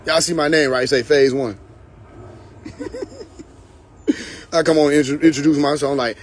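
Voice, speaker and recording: A livestream host tells humorous stories casually, performing both sides of the conversation and laughing frequently. He speaks at a normal pace with fairly high pitch, fairly even intonation, and frequent pauses. The phone recording has a little background noise.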